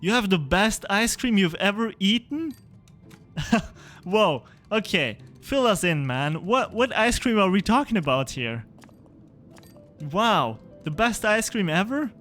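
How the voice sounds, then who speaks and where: A young man gives live game-stream commentary, talking slowly and chatting with his viewers. His voice sits a little high, and faint game music plays underneath. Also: big pitch swings, a bit bright. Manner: chatty, laughs often, answers chat.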